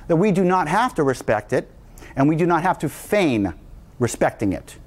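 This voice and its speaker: A man addresses an audience with a slightly high voice. He speaks emphatically and in a rousing way, and his pitch swings widely as he presses each point. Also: darkish tone. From United States. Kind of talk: speech to an audience.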